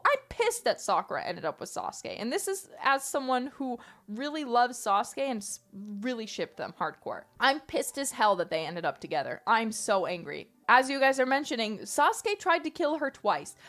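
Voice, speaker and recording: A woman streamer ranting in casual, animated talk, emphatic and swearing freely. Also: high-pitched, normal speed.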